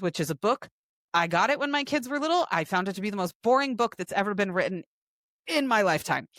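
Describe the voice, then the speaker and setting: A woman's voice: medium pitch, expressive, quick pace, fairly bright tone, dry recording. A woman co-hosting a podcast in casual chat, reading out a long list with dry asides. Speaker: podcast co-host.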